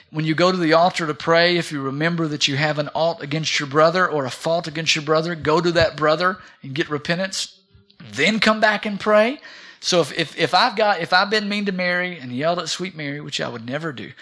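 A middle-aged man preaching a sermon in a church, rousing, calling for amens and swinging between loud and soft. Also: on the high side, a little fast. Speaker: pastor. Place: church sanctuary.

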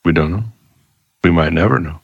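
A man's voice: deep voice, brisk, creaky, husky, no room sound, dull audio. A man co-hosting a podcast in casual chat, dropping dry, laid-back comments. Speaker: podcast co-host.

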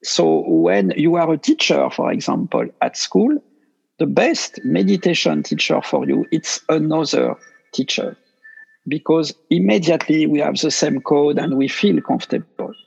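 A man with a French accent, a meditation teacher speaking earnestly and gently in simple English during a podcast interview. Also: on the high side, very animated, creaky, slightly rough, lo-fi sound. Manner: slow, earnest, gentle speech in simple non-native English.

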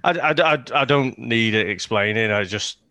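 Un uomo con britannico che parla di film in un podcast, esitante e pieno di ripetizioni. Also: male voice, on the low side, normal speed, sharp tone, dry recording, studio quality. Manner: hesitant, repeats words. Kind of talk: casual film podcast chat.

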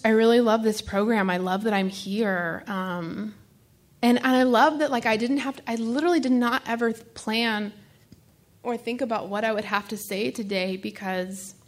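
Emotional woman sharing her testimony. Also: medium pitch. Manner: emotional, halting, many fillers and "like". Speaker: speaker sharing at a recovery meeting. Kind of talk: personal testimony.

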